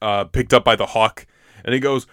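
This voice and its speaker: A man's voice: mid-range voice, steady tone, normal speed, fairly bright tone, dry recording, clean studio sound. A young man co-hosting a podcast in casual chat, hesitant and full of stumbling restarts. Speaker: podcast co-host.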